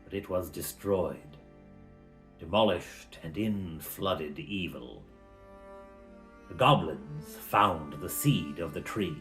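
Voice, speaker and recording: A low, deep-voiced old wizard, mysterious and cryptic, as a man puts him on. He speaks slowly and solemnly and draws out every portentous word. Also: expressive, fairly bright tone, soft background music, full character voice.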